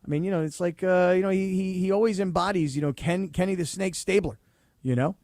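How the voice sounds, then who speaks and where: A man co-hosting a sports talk radio show, animated and sarcastic, who slips into mocking impressions of players. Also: high-pitched, fairly quick, no room sound, studio quality.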